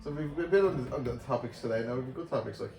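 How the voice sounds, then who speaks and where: A middle-aged Irish man talks fast and animatedly, drifting into rambling tangents. He sits back from the mic in a roomy, echoing space. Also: mid-range voice, creaky, darkish tone, distant mic, soft background music. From Ireland. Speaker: podcast co-host. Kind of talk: casual chat.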